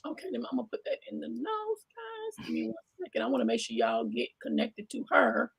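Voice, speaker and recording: This woman pastors a church and hosts a talk show, and her Southern American voice is fairly high, gravelly, and slightly rough. Chatting casually on a live stream at a fairly quick clip, she reads viewer comments with animated exclamations.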